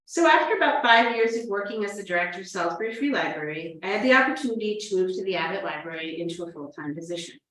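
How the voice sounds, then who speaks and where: A woman's voice: medium pitch, animated, quick pace, hardly any pauses, fairly bright tone, far from the mic. A woman from New Hampshire, giving an earnest conference talk as a librarian, telling stories with playful asides. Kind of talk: prepared conference presentation. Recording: roomy, echoey from off the mic.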